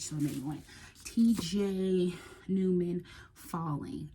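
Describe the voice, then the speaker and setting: A woman chatting casually and excitedly about books she bought, sometimes reading blurbs aloud. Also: sits low, noisy background. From United States. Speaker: book vlogger. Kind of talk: casual book haul chat.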